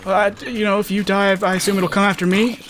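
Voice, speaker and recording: A man's voice: high-pitched, flat delivery, fast, fairly bright tone, soft background music, voice pushed up. A man voicing a dry, sarcastic male sidekick who talks in a hesitant, stammering way. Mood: deadpan.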